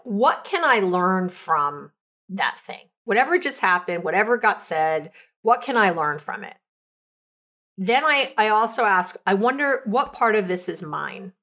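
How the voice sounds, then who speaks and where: Woman coach and podcast host; chatty, animated storyteller, mid-range pitch. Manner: chatty, animated retelling of client stories; lots of "like" and "you know" fillers. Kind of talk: casual advice podcast.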